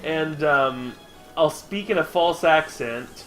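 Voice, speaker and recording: A man's voice: on the high side, slow pace, fairly bright tone, soft background music. A man hosting a casual game stream, chatting playfully and spinning absurd jokes.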